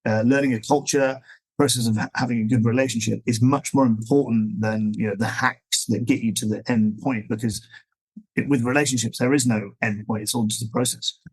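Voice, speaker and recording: A man's voice: medium pitch, steady tone, brisk, slightly rough, low-quality recording. Easygoing man explaining at length. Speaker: guest, dog trainer. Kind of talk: conversational interview.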